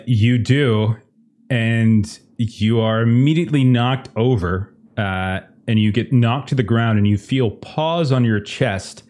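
A man's voice: mid-range voice, darkish tone. A man narrating a tabletop horror game as game master, in a casual, chuckling way with many fillers.

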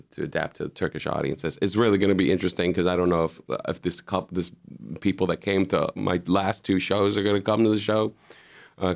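A stand-up comedian chats loosely and swears constantly. His voice sits very low, with a gravelly crackle. He keeps the talk animated and joking. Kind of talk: casual chat.

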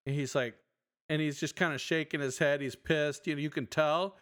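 Smooth-voiced man telling stories. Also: on the high side, normal speed. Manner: animated storyteller acting out voices. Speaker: podcast co-host. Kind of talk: casual chat.

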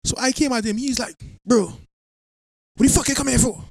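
Animated high-voiced male storyteller. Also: a little fast, creaky, dry recording. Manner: animated storyteller acting out quotes. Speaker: podcast co-host. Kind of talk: casual storytelling chat.

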